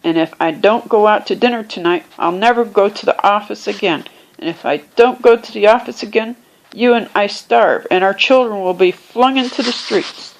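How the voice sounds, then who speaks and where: A woman voicing a pompous, hot-tempered Edwardian father who rants loudly about his tie, in a storybook reading. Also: medium pitch, moderate pace, lightly acted, rough recording. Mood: blustering.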